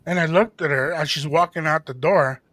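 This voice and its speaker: Animated middle-aged man telling a story. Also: a little high, fairly quick, no echo. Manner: animated, acts out quoted voices, mixes in Spanish phrases. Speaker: radio show co-host. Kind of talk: casual storytelling chat.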